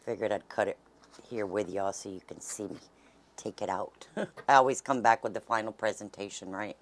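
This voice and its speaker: A woman's voice: extremely low pitch, steady tone, moderate pace. Woman, home-cooking host, folksy and chatty, drifts into near whispers, kitchen setting. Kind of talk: casual cooking demonstration.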